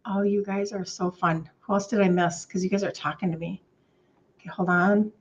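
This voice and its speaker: A woman in her fifties, a health coach chatting warmly and excitedly with viewers on a live stream, reading out their comments. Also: medium pitch, moderate pace. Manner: bubbly, gushing, reads out viewer comments. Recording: slightly dull lo-fi stream audio.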